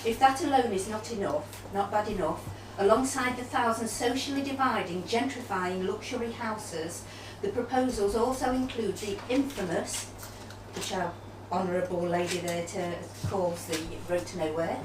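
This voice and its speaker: A woman's voice: mid-range voice, moderate pace. A woman in her sixties, a local campaigner putting an earnest, indignant question to a public meeting. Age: 60s. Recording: echoey hall, distant mic, noise.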